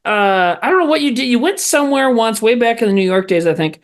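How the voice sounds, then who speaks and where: A man hosting a comedy podcast, telling stories in casual chat with an animated, profane manner. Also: very high voice, fast talker. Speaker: podcast host.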